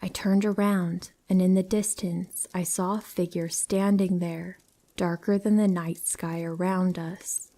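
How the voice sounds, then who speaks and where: A woman reading true horror stories aloud in a soft, hushed storytelling voice that often drops to a whisper. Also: on the low side, flat delivery, a little slow. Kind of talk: scripted narration of listener stories.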